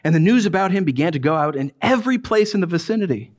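A man preaching a conversational sermon, animated and acting out voices as he tells the story. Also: sits high, quick pace. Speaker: pastor.

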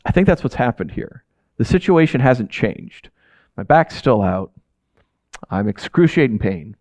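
A man in his thirties preaching a sermon to his congregation, talking in a relaxed, animated way with frequent "right?" asides. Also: mid-range voice, a little slow, dry recording. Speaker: pastor.

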